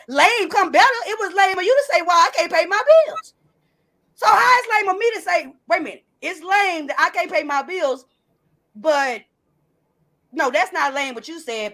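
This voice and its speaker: A woman's voice: high-pitched, bright, forceful tone. A woman hosting a live stream, brashly and profanely calling out a viewer while reading the chat. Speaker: livestream host.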